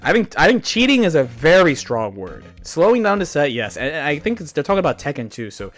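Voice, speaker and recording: A man streaming, telling stories in animated, profane casual chat with frequent laughs. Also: fairly high pitch, a little fast, soft background music. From United States. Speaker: streamer reacting to a video.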